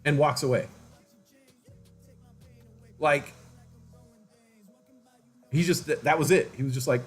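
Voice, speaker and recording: A man's voice: medium pitch, fairly even intonation, measured pace, pauses often, soft background music. A man casually chatting to viewers on a livestream, telling rambling stories and mimicking other people's voices. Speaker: livestream host.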